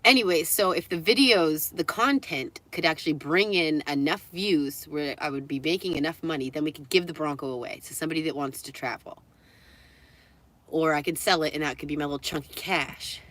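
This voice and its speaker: A woman's voice: low voice, expressive, brisk, fairly bright tone. A woman livestreaming to her viewers, chatting in a rambling way, laughing often and swearing freely. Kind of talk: rambling live-stream chat.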